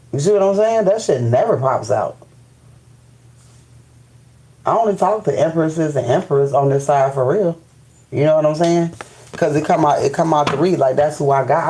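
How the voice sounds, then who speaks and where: Live-stream host, man, warm low-key tone, blunt and profane, lots of restarts. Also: poor audio. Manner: profane, emphatic, repeats "you know what I'm saying"; restarts and stammers when fired up. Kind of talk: casual live-stream rant.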